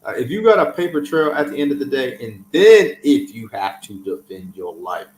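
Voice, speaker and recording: A man's voice: medium pitch, sing-song, normal speed, reverberant, slight background noise. A man hosting a casual chat, giving emphatic, profane advice. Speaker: host.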